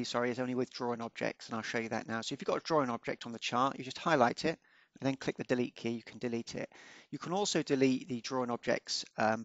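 Gravelly man walking through software. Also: mid-range voice, dry recording. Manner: relaxed, unscripted, with frequent ums and small self-corrections. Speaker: software tutorial presenter. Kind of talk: screen-recorded software walkthrough. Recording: dull lo-fi dry voice-over.

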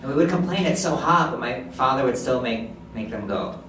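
A man's voice: mid-range voice, lively intonation, a little fast. A man voicing a deaf presenter's signed story in first person as a live interpreter, with short restarts. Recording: echoey hall, distant mic, background noise.

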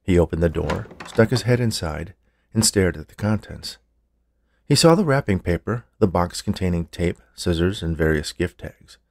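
A man's voice: deep voice, animated, normal speed, gravelly, a little mellow, no echo. A man reading a scripted story aloud with a theatrical delivery.

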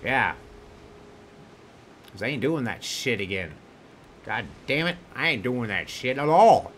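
A man at medium pitch, animated and fairly bright, narrates his gameplay as a streamer against slight background noise. He jokes around in a laid-back way, then erupts into angry profanity at enemies.

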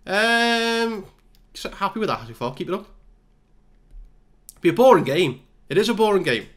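A man's voice: high voice, very animated, normal speed. Give me a man doing chatty, self-mocking commentary on a football management game. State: out of breath. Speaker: gaming YouTuber. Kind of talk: casual let's-play commentary.

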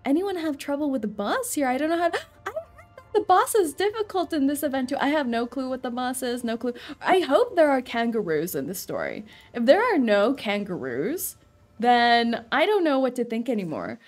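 A woman's voice: high voice, sing-song, normal speed, soft background music. A woman streaming a game in casual chat, playful and rambling, with frequent giggles. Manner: giggly, laughs often between thoughts.

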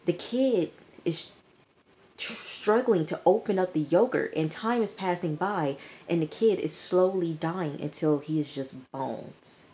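A woman giving a chatty, animated recap of a TV episode to her viewers, talking to them directly. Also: on the low side, a little slow. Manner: chatty, animated storytelling, addresses viewers as y'all. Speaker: TV episode reviewer. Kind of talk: casual recap vlog.

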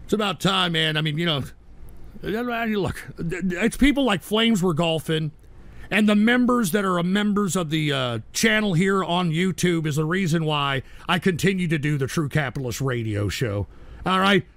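A man's voice: sits high, normal speed, a bit bright, no echo. A man hosting a livestream show, reading viewer donations and ranting at trolls with irritable, profane outbursts. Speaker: host.

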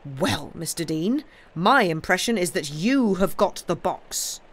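A woman voicing a suspicious, angry male sea captain who speaks loudly and sharply in a storybook reading. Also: mid-range voice, expressive, normal speed, natural voice. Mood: angry, accusing. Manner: sharp, accusing, loud.

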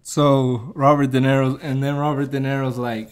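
A man's voice: medium pitch, level tone, moderate pace, few pauses. A man casually reviewing a movie, retelling the plot in a rambling way, laughing and correcting himself as he goes.

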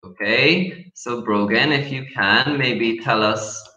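A man from Ireland, teaching an online English lesson slowly, with many pauses and fillers. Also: mid-range voice, bright, forceful tone. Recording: echoey room, dull lo-fi sound.

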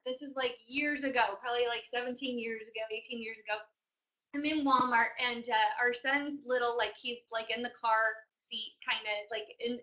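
Brief: woman in her 40s, mentor, high and bright, storytelling training talk, dull lo-fi recording. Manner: chatty storyteller, addresses audience directly. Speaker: business mentor.

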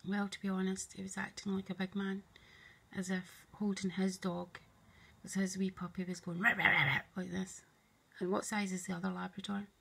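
Hushed, gravelly woman musing aloud. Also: medium pitch, completely flat delivery, normal speed, a little hiss or hum. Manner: hushed, often drops to a whisper; meandering and confiding, voices both sides of an imagined dialogue. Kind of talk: rambling spoken monologue to camera.

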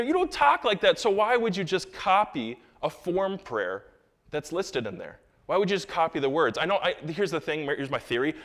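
A man's voice: a little high, a bit bright. Young man preaching with emphatic rises. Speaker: pastor. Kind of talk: sermon. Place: church sanctuary.

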